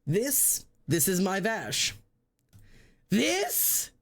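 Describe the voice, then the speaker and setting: A woman's voice: sits low, unhurried, darkish tone. A woman streamer chatting casually, ranting and swearing, with dramatic wails of mock despair. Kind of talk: casual live-stream chat.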